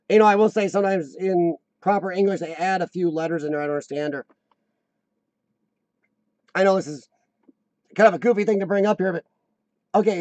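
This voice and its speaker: A rambling, joking American man chats on his live stream, his voice pitched high with a mellow, dark edge. The sound is dry and close, with no room echo. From United States. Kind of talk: casual live-stream chat.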